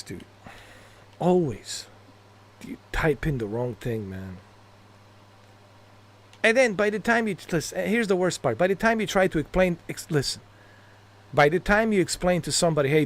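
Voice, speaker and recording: A man streaming games, telling rambling stories in casual chat, laughing at his own jokes and cursing freely. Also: on the high side. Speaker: gaming streamer.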